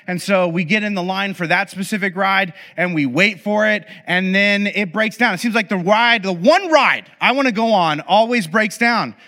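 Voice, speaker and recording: A man's voice: high-pitched, pushed and bright. A man giving a conversational sermon, telling a humorous story and acting out exasperated inner voices. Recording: echoey hall reverb.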